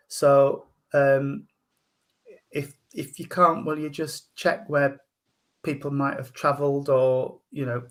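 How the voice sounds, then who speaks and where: A man working as a medium, giving a psychic reading in a gentle, hesitant way full of ums and endearments. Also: mid-range voice. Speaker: spiritual medium.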